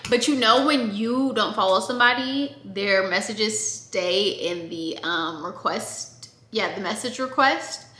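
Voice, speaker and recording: A young woman from Oregon telling a storytime to her viewers in a chatty, animated way, speaking straight to the audience. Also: mid-range voice, a little slow, hardly any pauses. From Oregon, USA. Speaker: vlogger. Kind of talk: casual storytime. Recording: echoey room.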